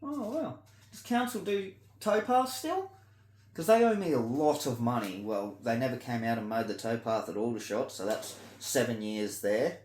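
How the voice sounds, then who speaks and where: A man's voice: expressive, normal speed, echoey room. Sweary, ranting Australian man. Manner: blunt, sweary, indignant, swings between loud outbursts and low mutters. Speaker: vlogger. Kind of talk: ranting monologue to camera.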